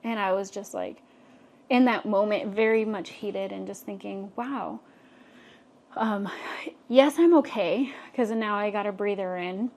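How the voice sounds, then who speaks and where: A young adult woman, co-hosting a podcast and telling a personal story in a casual, animated way with many fillers. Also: medium pitch, normal speed. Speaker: podcast co-host.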